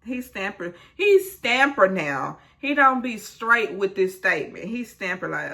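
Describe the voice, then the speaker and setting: A woman's voice: mid-range voice, big pitch swings, measured pace, creaky, hardly any pauses, bright, forceful tone. A woman hosting a casual recap vlog, retelling a reality show scene with blunt asides and acting out the quotes.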